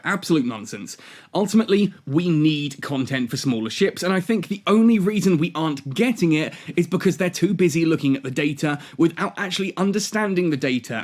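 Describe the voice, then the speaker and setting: Male gaming host, worked-up and sarcastic monologue, slightly high-pitched. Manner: exasperated, ranting, sarcastic. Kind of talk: video game commentary monologue.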